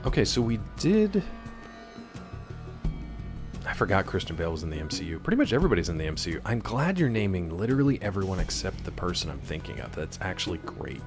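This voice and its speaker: A man's voice: low-pitched, big pitch swings, fast, music in the background. A young man chatting casually on a live stream, answering chat and hopping between topics while he plays. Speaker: game streamer.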